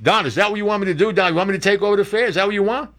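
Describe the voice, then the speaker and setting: A man's voice: high-pitched, very fast, a bit bright, pitched above the performer's own voice. A man mimicking a gangster-movie crony who keeps asking defensive, wheedling questions. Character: gruff tough-guy mobster crony.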